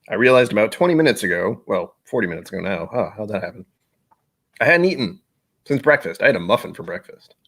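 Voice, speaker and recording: A man's voice: medium pitch, a bit bright, breathy edge. A man hosting a casual whiskey live stream, rambling and self-deprecating as he gets sidetracked.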